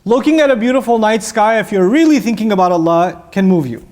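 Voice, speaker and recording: An Islamic teacher lectures on Quran verses, telling stories with energy and asking his audience questions. His voice is high-pitched and fairly quick.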